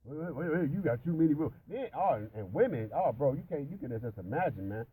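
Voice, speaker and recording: Casting: man, dark mellow tone, rambling profane storyteller, faint noise behind. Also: a little high, big pitch swings, fast, low-quality recording. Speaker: religious discussion participant. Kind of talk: casual profane chat about scripture.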